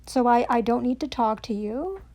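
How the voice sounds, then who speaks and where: A woman's voice: fairly high pitch, lively intonation, moderate pace, dark tone. Furious profane woman ranting. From Canada. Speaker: self-recording vlogger. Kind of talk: angry rant to camera.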